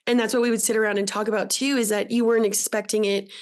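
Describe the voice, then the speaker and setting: A woman's voice: medium pitch, flat delivery, quick pace. A woman co-host asking the host questions in a casual, friendly and affirming way. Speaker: podcast co-host interviewer. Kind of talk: casual interview.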